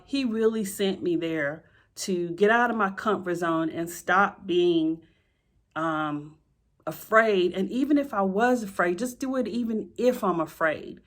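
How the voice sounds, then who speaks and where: Earnest storytelling woman, fairly low voice. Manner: chatty, keeps addressing listeners directly; emotional and earnest, repeats herself for emphasis. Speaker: sixth grade teacher. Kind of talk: personal storytelling to listeners.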